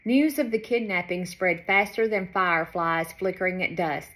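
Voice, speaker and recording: A woman's voice: fairly low pitch, normal speed. Woman reading a storybook aloud. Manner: expressive, lilting. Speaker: author reading her book.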